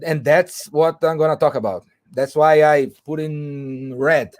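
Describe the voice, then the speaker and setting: A man explains a business topic, stopping and restarting his phrases often. His voice sits a little high for a man. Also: fairly even intonation. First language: Portuguese. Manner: halting, with frequent restarts and fillers. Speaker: guest speaker. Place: video call.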